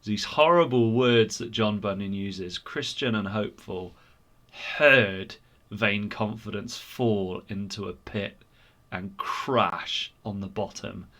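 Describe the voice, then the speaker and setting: Male church storyteller for children; bright, expressive, unhurried. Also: on the low side. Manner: animated, expressive.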